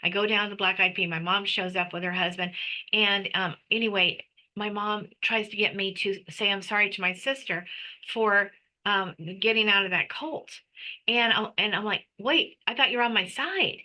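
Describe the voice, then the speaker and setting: A woman guest telling her personal story in an emotional, animated way, full of restarts. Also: medium pitch, normal speed, poor audio. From United States. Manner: animated, breathless retelling with restarts.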